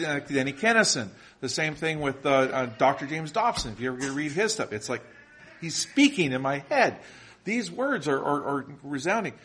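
Middle-aged male pastor, slightly high husky voice, chatty sermon delivery. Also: fairly bright tone. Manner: conversational preaching, frequent restarts and fillers.

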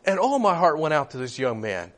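A man preaching and telling a personal story, his voice pitched high and swinging widely as he acts out each quoted line. He moves between hushed, reflective moments and raised, emphatic ones. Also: fairly quick. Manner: animated, retells dialogue in quoted voices. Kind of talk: sermon storytelling.

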